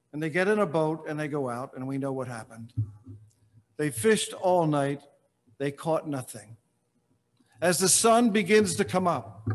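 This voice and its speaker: A man preaching slowly in a large church, his voice carried by a long reverb. He sits a little high for a man and tells the story with long dramatic pauses, often letting phrases fall away to a hush. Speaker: pastor. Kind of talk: sermon.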